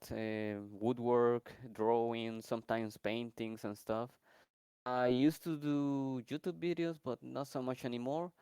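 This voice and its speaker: A man's voice: mid-range voice, a little mellow, clean tone, no echo. A man guest player introduces himself shyly, rambling a little and laughing easily. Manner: shy, unhurried, laughs easily. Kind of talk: casual chat.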